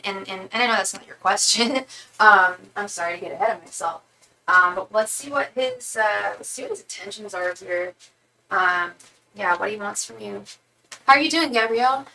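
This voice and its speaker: A woman's voice: medium pitch, gravelly, bright, forceful tone, far from the mic, slight background noise, low-quality recording. A young woman reading tarot on a live stream, chatting casually and rambling, sometimes murmuring repeated invocations. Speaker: tarot reader.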